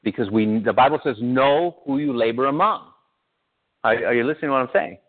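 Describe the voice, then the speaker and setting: A male pastor delivers a sermon in a mid-range voice, speaking a little fast. He keeps it conversational and throws questions at his congregation, and the audio sounds tinny, like a phone.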